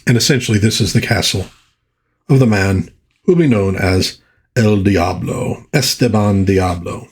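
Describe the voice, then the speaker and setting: Husky guy chatting about old comics, kinda low voice, enthusiastic. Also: normal speed, darkish tone. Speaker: comic book vlogger. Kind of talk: casual comic book commentary.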